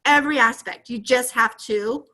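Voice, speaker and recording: A woman's voice: on the high side, moderate pace. A woman leading a motivational training on a video call, encouraging her team and asking them questions. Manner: energetic and encouraging, asks the audience questions. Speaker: team leader coaching a sales team.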